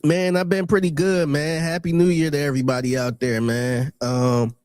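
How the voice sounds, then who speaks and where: A man's voice: fairly high pitch, flat delivery, moderate pace, a little mellow, smooth, no room sound, studio quality. A congested man co-hosting a casual sports podcast, easygoing, who often says "man" and stumbles on his words. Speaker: podcast co-host.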